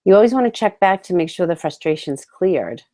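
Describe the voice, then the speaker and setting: Low-pitched lady walking you through tapping, slow calm phrases to repeat. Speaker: tapping instructor. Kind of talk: guided tapping lesson.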